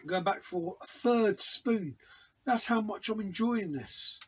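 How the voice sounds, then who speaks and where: A man's voice: high-pitched, takes it slowly, a bit bright, slightly rough, rough recording. An English man reviewing hot sauce in a casual, enthusiastic, rambling way, tasting aloud in a home studio. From England. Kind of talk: casual product review vlog.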